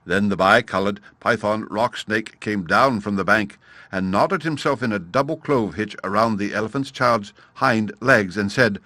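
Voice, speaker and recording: A man's voice: on the low side, normal speed, bright, forceful tone, no room sound. A man narrating a classic storybook aloud, addressing his listener fondly as he tells the tale. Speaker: audiobook narrator.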